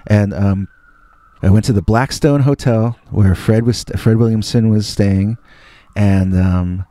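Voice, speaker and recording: A man's voice: fairly low pitch, a little slow, dark tone, no room sound. A middle-aged man telling a story from his youth in a casual, rambling way. He often mocks himself and restarts his sentences. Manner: rambling, self-mocking, many restarts. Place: indoors.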